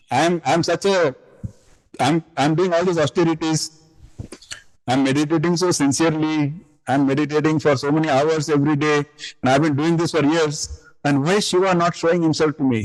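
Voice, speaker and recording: A man's voice: fairly high pitch, poor audio. A man giving a live spiritual talk on scripture, telling a story in a conversational way, often asking his listeners "you know?" and acting out the quoted lines. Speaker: spiritual teacher. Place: live session with a group.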